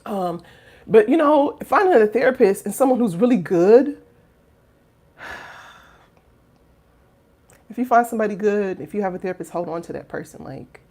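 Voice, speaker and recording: With a medium-pitched, expressive voice at a moderate pace, she pauses often. The speaker, a woman in her thirties who coaches people and founded a finishing school, addresses the camera warmly and informally, swinging from hushed musing to loud exclaiming, with lots of fillers and rhetorical questions.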